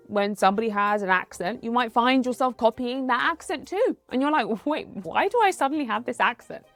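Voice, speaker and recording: A woman in her thirties, a doctor, hosts an educational talk, explaining things conversationally and weaving in personal anecdotes. Her voice sits a little high, and there's no echo.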